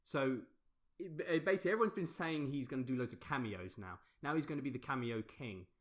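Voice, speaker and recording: A man's voice: medium pitch, quick pace. A man co-hosting a casual podcast, eagerly running through the news and teasing his friend. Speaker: podcast co-host. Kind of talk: casual chat.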